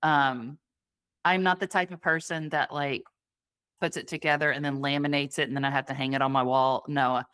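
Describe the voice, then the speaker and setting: Young woman podcast co-host, lower voice, dry close sound, casual and giggly. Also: steady tone, moderate pace, a bit bright, clear, resonant tone, dry recording. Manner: chatty, laughs often, lots of fillers. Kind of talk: casual chat.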